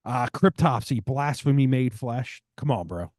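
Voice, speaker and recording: Profane, excited man, dry close mic. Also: mid-range voice, a little slow, no echo. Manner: swears a lot, enthusiastic about records. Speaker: podcast co-host. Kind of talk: casual chat.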